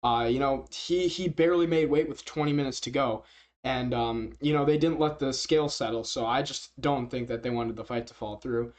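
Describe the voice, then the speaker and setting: A man's voice: mid-range voice, fairly even intonation, moderate pace. A man casually commenting as a reaction video host, rambling with many fillers and frequent chuckles. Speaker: MMA reaction youtuber.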